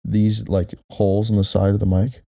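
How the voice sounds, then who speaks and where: A man's voice: on the low side, flat delivery, moderate pace, creaky, dark tone, dry recording. A young man co-hosting a casual podcast from home, rambling with lots of fillers and self-deprecating asides, close on a directional mic. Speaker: podcast co-host. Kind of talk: casual chat.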